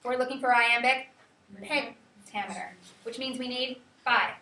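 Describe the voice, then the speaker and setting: A woman teacher giving a lively classroom lecture, quizzing her students and counting out rhythms aloud. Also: fairly high pitch, measured pace. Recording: echoey classroom from far off, faint hiss.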